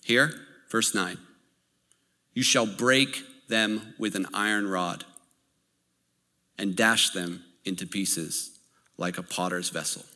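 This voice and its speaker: A man preaching a sermon as a pastor. He tells stories in a lively way and keeps checking in with his listeners. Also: on the low side, takes it slowly, pauses often. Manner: lively storytelling, checks in with the audience. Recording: long hall reverb.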